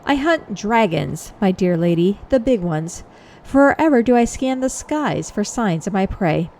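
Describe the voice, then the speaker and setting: A woman's voice: medium pitch, expressive, measured pace, mellow, slight background noise. Lady doing a snooty dragon hunter guy, looks down on everyone. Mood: haughty. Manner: lofty, condescending. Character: haughty male dragon hunter, disdainful.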